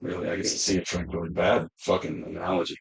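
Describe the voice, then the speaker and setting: A man's voice: deep voice, level tone, quick pace, gravelly. A man in his fifties talking as a podcast guest in a laid-back, rambling way, swearing freely as he muses about life. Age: 50s. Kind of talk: casual conversation, philosophical storytelling.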